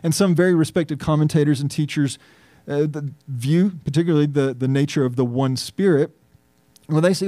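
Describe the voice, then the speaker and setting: Emphatic pastor with a dark, mellow voice. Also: male voice, fairly high pitch, normal speed, dry recording. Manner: earnest, emphatic, thinking aloud with restarts. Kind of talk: sermon.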